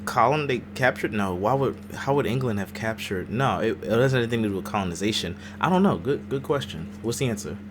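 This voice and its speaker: Low-voiced laid-back male podcast host. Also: expressive, fast, few pauses, background noise. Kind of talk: casual chat.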